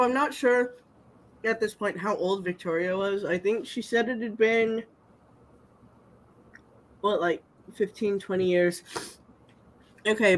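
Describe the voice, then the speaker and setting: A woman co-hosting a casual chat, reading a story aloud and commenting with animated indignation. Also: medium pitch, rough recording.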